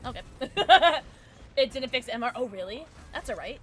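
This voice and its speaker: A woman streamer chatting casually while playing, giggly and chatty, quickly excited. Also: fairly high pitch. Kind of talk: casual gaming livestream chat.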